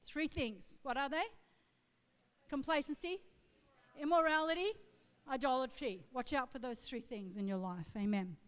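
A woman's voice: high voice, normal speed, long pauses. A middle-aged woman pastor preaching a sermon with impassioned, swelling declarations. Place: church auditorium. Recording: long hall reverb.

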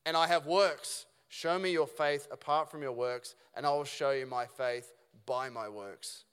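Chatty pastor in a reverberant church hall. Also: male voice, a little high, fairly even intonation, unhurried, fairly bright tone, clear, resonant tone. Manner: casual, conversational preaching with rhetorical questions and restarts. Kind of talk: sermon. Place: church auditorium.

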